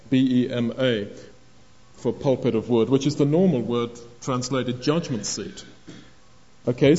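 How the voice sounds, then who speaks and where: Halting older preacher, mellow voice. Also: male voice, mid-range voice. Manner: halting, repeats words, acts out quoted voices. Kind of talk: sermon. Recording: dull lo-fi recording.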